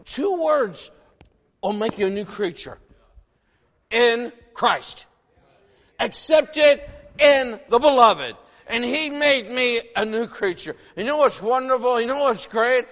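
Older guy preaching, high voice, folksy and animated, lots of "you know what?", big echoey church. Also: slow. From northern United States. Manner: animated, folksy, many rhetorical questions. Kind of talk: sermon. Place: church sanctuary. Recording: long reverb of a large hall.

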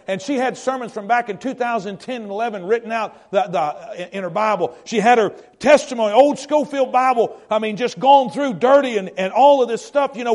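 A middle-aged man, preaching a sermon as a pastor, telling a story earnestly with halting repeats and hushed moments. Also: extremely high pitch.

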